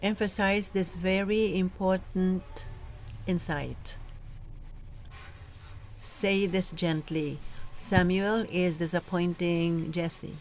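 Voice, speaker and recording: A woman coaching church readers, giving slow, careful instructions and sounding out pronunciations. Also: lowish voice, steady tone, a little hiss or hum, low-quality recording. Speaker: reading coach. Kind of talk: instructional talk on proclaiming scripture.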